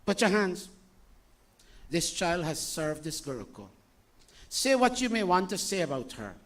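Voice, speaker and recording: Older spiritual teacher in his sixties, lively and scolding, slightly high voice, loose informal sermon delivery. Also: unhurried. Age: 60s. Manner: animated, scolding, jokey asides, rhetorical questions.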